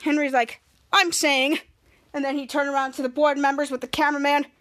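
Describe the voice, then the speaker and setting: A woman with a very high voice hosts a casual podcast. She recaps an episode scene by scene and slips into the characters' lines as she goes. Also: flat delivery, brisk, a bit bright. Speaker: podcast host.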